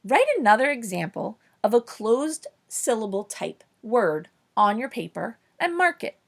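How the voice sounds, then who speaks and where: A woman teaching a children's phonics lesson, upbeat and encouraging, slowing down to stress each word clearly. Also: a little high, very animated. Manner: upbeat, encouraging, slow clear emphasis on words.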